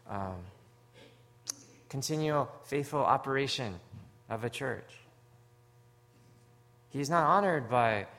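Gravelly preaching Canadian man. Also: mid-range voice. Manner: earnest, storytelling, swings from hushed to loud. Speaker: pastor. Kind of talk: sermon.

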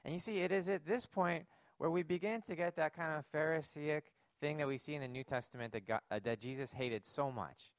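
A man's voice: on the high side, a little fast, no room sound, studio quality. A man preaching a sermon, earnest and emphatic, posing rhetorical questions to his congregation. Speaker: pastor.

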